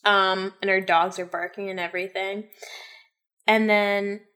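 A woman's voice: medium pitch, little pitch movement, measured pace, pushed and bright, clear, resonant tone. A woman in casual chat, telling a story in a rambling way with lots of "like". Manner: rambling storyteller, heavy use of "like".

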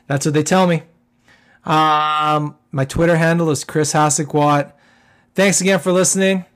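A man's voice: fairly high pitch, fairly even intonation, unhurried, fairly bright tone. A man hosting a casual solo podcast, rambling with lots of fillers and tag questions, his voice getting worn. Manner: rambling, filler-heavy, keeps tagging "okay?". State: losing his voice. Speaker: podcast host.

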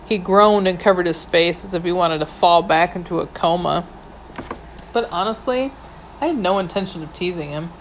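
A woman's voice: on the low side, normal speed, a little hiss or hum, poor audio. A woman narrating a novel in the first person, wry and dryly humorous. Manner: wry, dry humour. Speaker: audiobook narrator.

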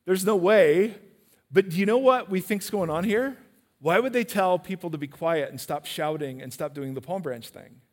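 A man preaching a sermon in a church, animated and questioning his listeners directly. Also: high-pitched, normal speed, long reverb tail.

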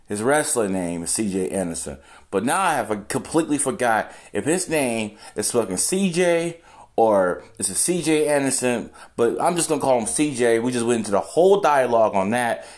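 A man hosting a casual solo podcast into a phone, rambling and swearing as he talks, interrupting himself often. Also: on the high side. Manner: profane, rambling, self-interrupting. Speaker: podcast host. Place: room at home.

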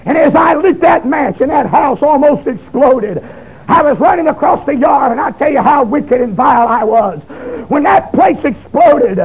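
A man preaching his testimony, emotional, swinging from shouts down to hushed low tones. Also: moderate pace, a faint crowd, slight background noise. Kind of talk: fiery testimony sermon. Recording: dull lo-fi recording.

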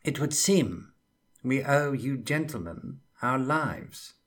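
A man's voice: medium pitch, expressive, takes it slowly, a bit bright, voice pushed up. A man voicing a polite, formal wizard scholar in an audiobook. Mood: courteous.

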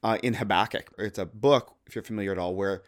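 A man's voice: fairly low pitch, fast talker. Earnest man discussing Scripture. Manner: earnest, thoughtful, quotes Scripture aloud. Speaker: podcast co-host, father. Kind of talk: casual theological discussion.

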